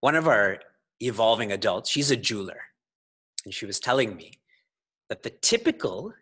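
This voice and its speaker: Male spiritual teacher, slightly husky voice, playful discourse style with frequent laughs and questions to the audience. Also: medium pitch, sharp tone. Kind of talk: scripture discourse to a congregation.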